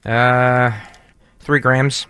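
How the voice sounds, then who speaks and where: A man's voice: medium pitch, flat delivery, very slow, bright, forceful tone, clear, resonant tone, no echo. A man co-hosting a morning radio show in a laid-back, wry casual chat. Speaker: radio co-host.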